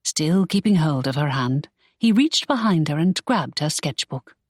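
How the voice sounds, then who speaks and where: Give me a woman with a lowish, lively voice narrating an audiobook. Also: a little slow, no echo, clean studio sound. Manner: expressive storytelling.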